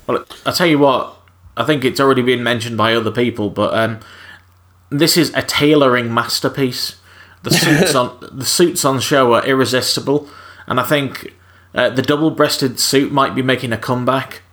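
A man's voice: medium pitch, moderate pace, a bit bright. A man co-hosting a podcast, giving wry, opinionated takes on films. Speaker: podcast co-host. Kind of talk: casual film review chat.

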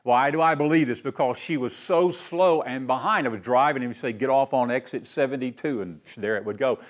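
Folksy pastor preaching. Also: male voice, medium pitch, fairly quick. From East Tennessee, US. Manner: warm folksy storytelling with fillers and "man". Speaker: guest pastor. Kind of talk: sermon.

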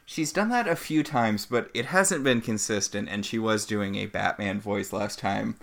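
A man's voice: on the low side, normal speed, gravelly, a bit bright. A man co-hosting a podcast, recapping a TV episode in casual chat, with dry, wry commentary. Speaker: podcast co-host.

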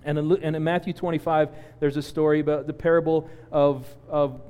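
A man in his forties preaching a sermon, telling a personal story with lively acted-out quotes. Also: on the high side, brisk, clear, resonant tone, long reverb tail. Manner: animated storyteller, acts out quotes. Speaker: pastor.

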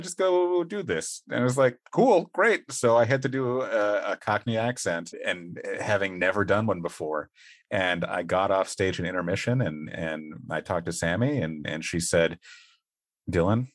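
A man co-hosting a podcast in casual chat, animated and laughing often. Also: lowish voice, dry recording. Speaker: podcast co-host.

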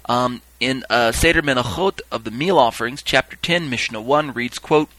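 A man's voice: mid-range voice, moderate pace, few pauses, sharp tone, no room sound, rough recording. A man teaching a sermon, reading quoted texts aloud and explaining them in an easygoing, explanatory way. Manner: explanatory, acts out quoted call-and-response with raised voice. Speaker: Bible teacher.

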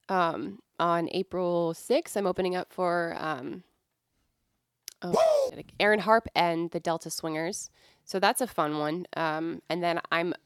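A woman's voice: on the low side, clean tone, dry recording, studio quality. A woman musician talking casually as a podcast guest, joking and using lots of fillers. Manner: chatty, jokey, many fillers.

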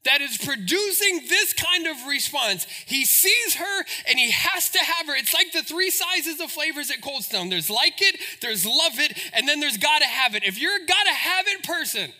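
A pastor preaching a sermon in an animated, joking, storytelling way. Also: male voice, extremely high pitch, normal speed, few pauses.

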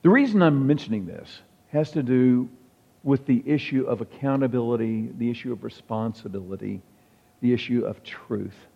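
A man's voice: medium pitch, normal speed, vocal fry, breathy edge. Male pastor, conversational sermon with wry asides; muffled, reverberant hall sound. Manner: conversational, wry preaching with quoted examples.

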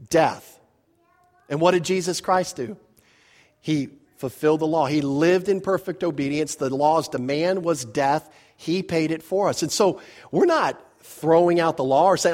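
Male pastor, a little higher-pitched than most men, conversational sermon delivery full of rhetorical questions and self-corrections. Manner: grows animated when telling a personal story. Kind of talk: verse-by-verse sermon.

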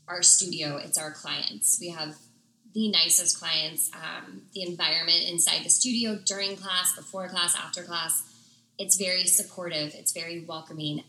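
Woman studio instructor, very bright tone, echoey room; upbeat explainer. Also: on the low side, a little hiss or hum. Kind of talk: casual interview answers.

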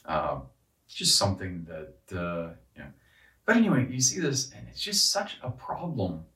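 A man with a very deep voice rants in a loose, exasperated way, swearing freely and circling back on himself. His pitch swings widely as he gets worked up. He sounds set back from the mic in a roomy, echoing space. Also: expressive, moderate pace, pushed and bright, recorded from a distance. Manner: profane, exasperated, rambling with restarts. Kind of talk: casual rant.

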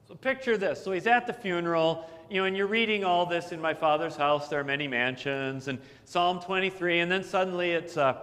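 High-voiced pastor in a reverberant church. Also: male voice, a little fast, few pauses, fairly bright tone. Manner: conversational storytelling with asides. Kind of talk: sermon.

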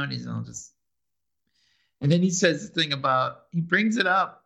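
A man's voice: medium pitch, normal speed, vocal fry, bright, forceful tone. A man in casual chat, animatedly retelling a TV episode and acting out the characters' lines.

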